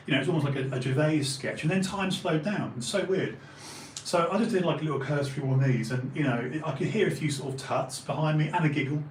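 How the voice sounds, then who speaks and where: A man in his forties with an Essex and London accent, hosting and telling a long anecdote in casual chat, animated, swearing freely and acting out the people in his story. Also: a little high, fast, echoey room, a little hiss or hum, poor audio. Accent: Essex and London English. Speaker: podcast host.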